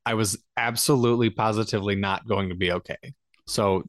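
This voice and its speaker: A man's voice: on the low side, steady tone, a little fast, no room sound, clean studio sound. A man co-hosting a casual podcast, telling a personal story in an earnest, reflective way with some jokes. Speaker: podcast co-host, husband.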